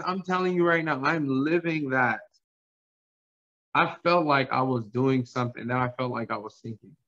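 A man's voice: medium pitch, fairly bright tone. A man preaching a sermon with passion, repeating phrases and asking his congregation to answer back. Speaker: pastor. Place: church. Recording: dull lo-fi sound.

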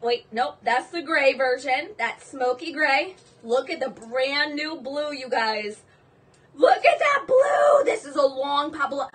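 A woman hosting a live jewelry sale stream, gushing and excitable, exclaiming over each piece. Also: high voice, measured pace, hardly any pauses, distant mic.

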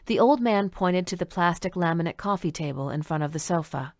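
A woman reads a story aloud in a calm, even way. Her voice sits on the low side for a woman, and the recording is close and dry, with no room around it. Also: a little fast, no room sound. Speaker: narrator. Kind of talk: audiobook reading.

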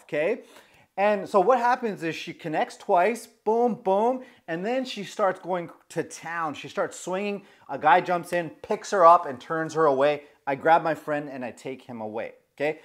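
A man of about forty with a slightly high voice gives advice on social anxiety through a personal story. He's emphatic and keeps checking in with "okay?"

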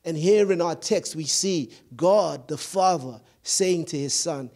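A man's voice: a little high, unhurried, darkish tone. A man preaching a sermon as pastor, with a repetitive, emphatic cadence and occasional stumbles over words. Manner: stumbles and repeats words when searching.

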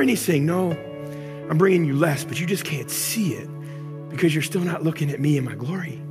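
A man preaching a sermon as pastor, animated and acting out angry complaints before dropping to soft, intimate tones. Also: on the high side, brisk. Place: church auditorium. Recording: church hall reverb with music.

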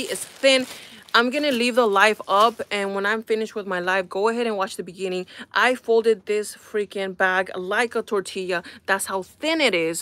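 A young woman hosting a casual live stream, talking to her viewers in an exasperated, animated way. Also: mid-range voice, dry recording.

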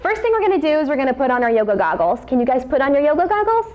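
Brief: woman kids yoga teacher, upbeat and coaxing, slightly high voice. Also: very animated, fast, few pauses, lo-fi sound. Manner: upbeat, coaxing, talks to children. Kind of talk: guided kids yoga class.

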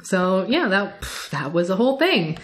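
A woman co-hosting a podcast in casual book discussion, retelling a story with quick acted-out voices and frequent laughter. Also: mid-range voice. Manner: animated retelling, acting out characters in quick voices; laughs often. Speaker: podcast co-host.

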